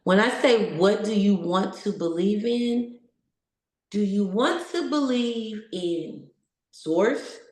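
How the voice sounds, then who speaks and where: A woman's voice: mid-range voice, lively intonation, takes it slowly, darkish tone, echoey room. A woman giving a conversational motivational talk to a live audience, encouraging and full of questions. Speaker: motivational speaker.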